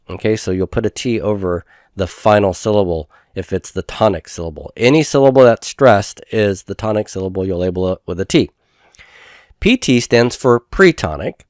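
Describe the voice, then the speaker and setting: A man lecturing on Hebrew grammar in a methodical way, repeating terms slowly with frequent fillers. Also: on the low side, a little mellow, dry recording, clean studio sound. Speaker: Hebrew instructor. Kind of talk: recorded classroom lecture.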